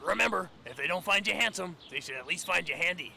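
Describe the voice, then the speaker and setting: A folksy handyman, played by a man dispenses homespun tips. His voice is heavily gravelly, sharp and quick. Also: high-pitched, expressive, a little hiss or hum, full character voice.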